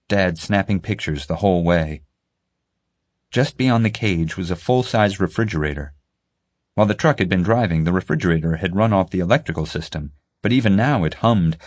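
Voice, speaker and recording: A male audiobook narrator reads with a steady storytelling manner and a very deep voice. The recording is dry and close, with no room sound. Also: dry recording. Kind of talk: scripted narration.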